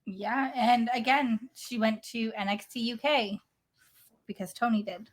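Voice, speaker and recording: A young woman with a slightly high voice co-hosts a podcast. She talks in a relaxed, easygoing way, chatting with her co-host. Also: a little slow. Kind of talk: casual chat.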